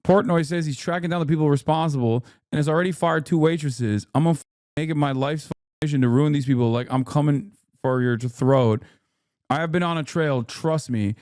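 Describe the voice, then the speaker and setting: A man giving casual livestream commentary on the news, excitable and profane, swinging into high, incredulous outbursts. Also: fairly quick, dry recording, studio quality. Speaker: streamer reacting to news.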